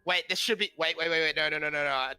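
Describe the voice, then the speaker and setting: A man's voice: fairly high pitch, fairly even intonation, fast talker, bright, forceful tone, clean tone, faint music behind. A man chatting and joking as a player in an online tabletop role-playing session, teasing the others and laughing often. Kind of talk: casual tabletop banter.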